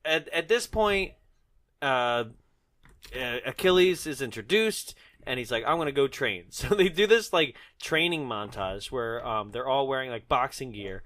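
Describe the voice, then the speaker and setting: A man's voice: medium pitch, unhurried, dry recording. A man co-hosting a movie podcast in casual chat, laughing often and acting out scenes in quoted voices. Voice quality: animated, laughs often, acts out characters in quotes. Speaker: podcast co-host.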